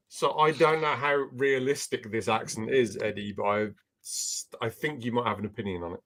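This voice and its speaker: A man's voice: mid-range voice, a bit bright. Chatty, opinionated male podcast co-host. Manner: chatty and opinionated, laughs easily. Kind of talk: casual sports chat.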